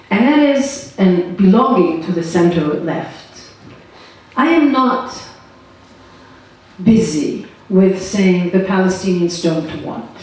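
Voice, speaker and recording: A woman's voice: on the low side, dark tone, recorded from a distance. Emphatic woman in an echoey hall. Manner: earnest, emphatic, building arguments. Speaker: politician guest. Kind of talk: public conversation on stage.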